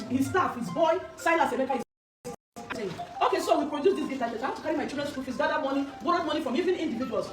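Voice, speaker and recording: A woman, a business owner giving an earnest, urgent personal account that quotes what people said to her. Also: a little high. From Nigeria. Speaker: business owner making corporate gifts. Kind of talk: emotional personal testimony. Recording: echoey room, distant mic, faint noise.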